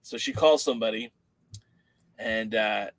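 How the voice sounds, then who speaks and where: A man co-hosting a podcast in casual chat, an animated storyteller who acts out the voices of the people in his stories. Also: fairly low pitch, unhurried, no room sound, rough recording. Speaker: podcast co-host.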